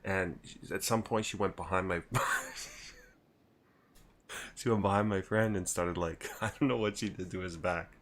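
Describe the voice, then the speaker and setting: Brief: low male streamer, 30s, loose chatty storyteller at a desk mic. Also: steady tone, moderate pace, slight background noise. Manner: rambling, laughing, with many restarts. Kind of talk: casual storytelling on a gaming livestream.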